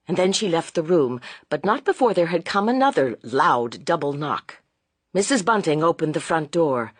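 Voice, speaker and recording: An audiobook narrator giving a dramatic, expressive reading of a classic suspense novel. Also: medium pitch, normal speed, slightly rough, dry recording.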